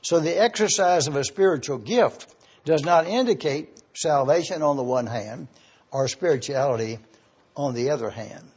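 A man with a husky, slightly raised voice delivers a teaching sermon in an auditorium. He moves deliberately, repeating key points slowly so listeners can take notes. The recording is dull and lo-fi. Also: fairly high pitch, expressive, a little mellow. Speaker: preacher.

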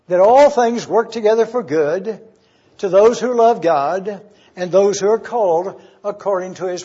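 A man giving an expository Bible teaching sermon as pastor, deliberate and repeating key phrases for emphasis. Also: high voice, dark tone, husky, dull audio.

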